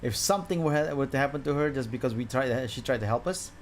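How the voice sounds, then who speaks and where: A man's voice: medium pitch, quick pace, slight background noise, lightly acted. A man reading as an earnest smuggler. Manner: reads lines aloud with stumbles and restarts. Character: secretive collector who smuggles surface supplies.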